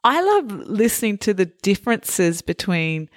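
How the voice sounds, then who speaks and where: A woman's voice: medium pitch, sing-song, measured pace, no echo. Woman interviewer, mid-range voice, friendly and curious, dry close mic. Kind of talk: casual interview chat.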